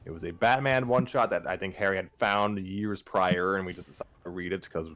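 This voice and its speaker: Easygoing young guy, really deep voice, dry close sound. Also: brisk, a bit bright, no room sound. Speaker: podcast host. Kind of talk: casual chat.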